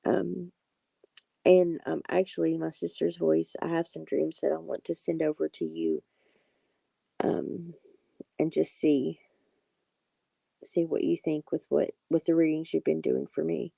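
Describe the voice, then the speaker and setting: A woman with a heavily gravelly, very dark and mellow voice, reassuring her viewers one by one in a casual live-stream chat. The sound is dry and close, and her pitch stays flat and unhurried. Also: no room sound. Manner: reassuring, talks directly to viewers by name. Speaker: tarot reader hosting a live stream.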